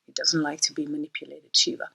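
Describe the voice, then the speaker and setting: Husky-voiced woman astrologer, low and reflective. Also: little pitch movement, fast talker, bright, forceful tone, rough recording. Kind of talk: storytelling talk on myth and astrology.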